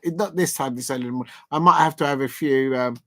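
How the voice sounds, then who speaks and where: A man's voice: mid-range voice, fast talker. A man hosting a live stream in a casual, playful way, repeating catchphrases and chuckling to himself.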